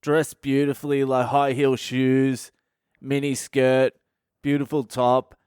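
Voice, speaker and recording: A man's voice: mid-range voice, flat delivery, takes it slowly, darkish tone, clear, resonant tone, no echo, clean studio sound. A middle-aged Australian comedian hosting his own podcast, telling stories in a profane, ranting, self-mocking monologue. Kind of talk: comic storytelling monologue.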